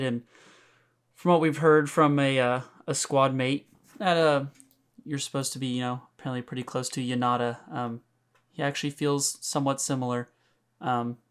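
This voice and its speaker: A man's voice: mid-range voice, level tone, moderate pace, smooth, close to an everyday voice. A man playing a stern young ninja. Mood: serious. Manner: blunt, serious in character.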